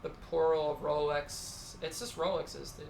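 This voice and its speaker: A man's voice: on the high side, flat delivery, measured pace, vocal fry, crowd noise. A man co-hosting a podcast, blunt and offhand in casual conversation. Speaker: podcast co-host. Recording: echoey room, faint background noise.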